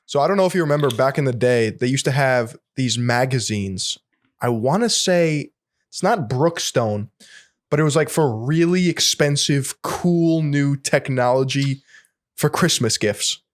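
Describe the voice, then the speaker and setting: A man's voice: medium pitch, unhurried. A young man, a podcast co-host, chatting in a laid-back way and swearing casually. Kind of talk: casual chat.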